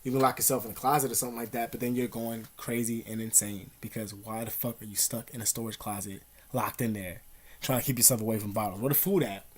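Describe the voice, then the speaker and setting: A man's voice: fairly low pitch, fairly even intonation, fast talker, slightly rough. A young man giving blunt, profane advice to camera at home in casual street slang, calling the listener "dog" and "man". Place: at home, dogs nearby.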